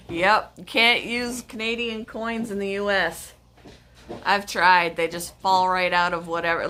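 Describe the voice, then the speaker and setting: A woman's voice: mid-range voice, animated, slow pace, long pauses, pushed and bright, a little hiss or hum. A woman from Michigan hosting a casual livestream chat from home, rambling and laughing often. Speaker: livestream host. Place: home, with her dog.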